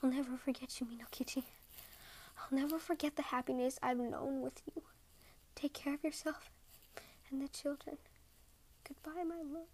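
A woman's voice: fairly high pitch, steady tone, quick pace, hardly any pauses, a bit bright, slight background noise, lightly acted. A woman reading a storybook, voicing a sorrowful, secretive snow spirit wife who speaks in a harsh whisper. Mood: tearful whisper.

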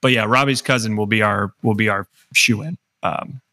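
A man's voice: fairly low pitch, fairly even intonation, normal speed, pushed and bright. A man hosting a casual podcast, chatty and joking, with lots of fillers and restarts. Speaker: podcast host.

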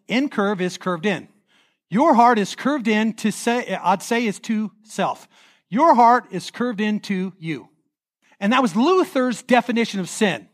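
A male pastor delivers a sermon to his congregation with a notably high voice. He preaches animatedly, slipping into quoted voices and asking the room to repeat phrases back. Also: fairly bright tone. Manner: leads the congregation in call-and-response. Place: church sanctuary.

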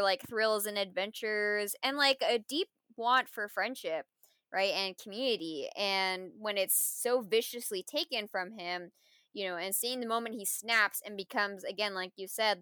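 Bright, crisp-voiced woman co-host. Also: medium pitch, no echo, studio quality. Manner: thoughtful, reflective, many "like" and "you know" fillers. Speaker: podcast co-host. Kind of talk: casual film review chat.

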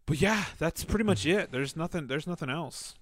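A man's voice: a little high, lively intonation, normal speed, a bit bright, no room sound, studio quality. A young man co-hosting a casual podcast, swearing freely and retelling movie scenes with energy. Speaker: podcast co-host. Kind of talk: casual chat.

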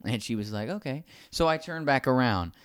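A man's voice: mid-range voice, brisk, clean tone, dry recording, studio quality. A man casually telling a long anecdote, acting out the other people's lines as he goes. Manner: animated, acts out quoted dialogue.

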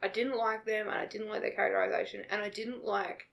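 A woman co-hosting a podcast in casual chat, an animated storyteller who laughs often. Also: mid-range voice, fast talker, gravelly. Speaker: podcast co-host.

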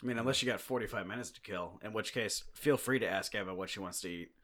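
A man's voice: fairly low pitch, fast talker, fairly bright tone. A man co-hosting a casual podcast, joking and swearing freely. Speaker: podcast co-host. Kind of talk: casual chat.

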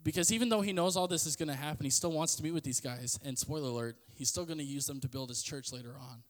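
A man preaching in a relaxed, conversational way, slipping into animated voices when he quotes others. His voice sits a little high for a man. A long reverb trails each phrase. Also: fast talker. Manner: conversational, acts out quotes with shifting pitch. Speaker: podcast host preaching. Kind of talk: casual sermon.

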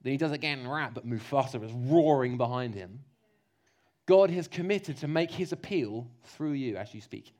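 A man preaching a lively, jokey sermon, slipping into mock voices to make his points. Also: medium pitch, moderate pace.

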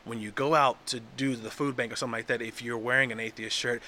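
A man's voice: mid-range voice, steady tone, fast, pushed and bright. A man from Texas talking casually and earnestly as a podcast guest, with frequent restarts.

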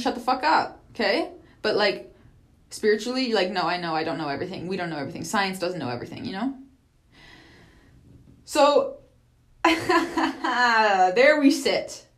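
Chatty, swearing woman host. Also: mid-range voice. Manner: profane, chatty, laughs often. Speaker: podcast host. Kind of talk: casual monologue.

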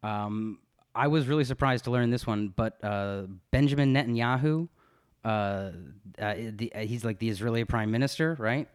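A man's voice: medium pitch, normal speed, clean tone. Chatty Philadelphia man, rambling. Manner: rambling, chuckling, lots of fillers. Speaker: podcast host. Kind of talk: casual chat.

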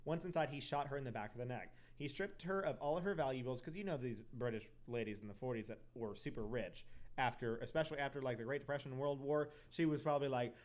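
A young male podcast host with a mid-range voice tells a true crime story quickly and casually, adding profane asides and correcting himself along the way.

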